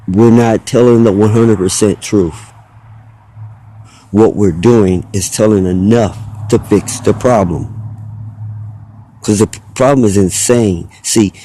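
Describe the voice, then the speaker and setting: A man's voice: sits low, warm tone. A man delivering a rambling, preachy spoken monologue, arguing his point with rhetorical questions and mock voices.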